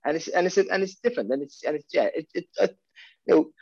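A man's voice: sits high, fast talker, gravelly, a little mellow, husky, dry recording, highs cut off. A man with a Welsh accent, a boxing commentator chatting casually and restarting his sentences often. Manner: rambling, many restarts and repeated words. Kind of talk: casual podcast chat.

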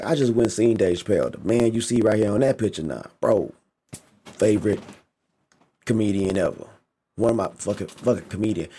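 Deep husky man ranting casually. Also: warm tone. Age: adult. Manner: emphatic, repetitive, heavy swearing, slangy. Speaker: vlogger. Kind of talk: casual opinion rant.

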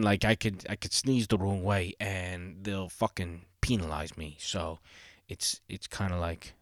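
A man's voice: on the low side, no room sound, studio quality. A man hosting his own solo podcast, talking casually in a rambling, profane way with many fillers. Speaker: podcast host.

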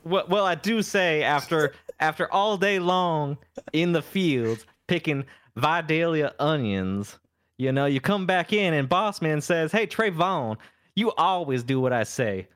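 A man's voice: on the high side, lively intonation, fairly bright tone, dry recording, studio quality, pitched above the performer's own voice. A man voicing a drawling old-time Southern plantation man with an exaggerated Southern accent, a comic podcast bit. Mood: mock folksy. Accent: put-on exaggerated Southern US drawl. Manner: slow, drawn-out, theatrical delivery.

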